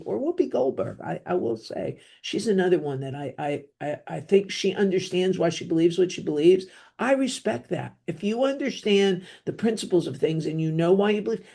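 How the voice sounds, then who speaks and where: A middle-aged woman with a New Jersey accent delivers an opinionated solo podcast monologue. Her voice is mellow and warm, and her tone is blunt and rambling, full of fillers and throwaway asides. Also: lowish voice. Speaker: podcast host.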